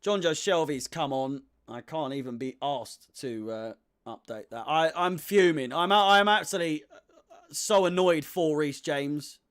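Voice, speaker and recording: A man's voice: on the high side, measured pace, clear, resonant tone. A young man giving casual live commentary on a football match as a fan, swearing freely and sounding exasperated.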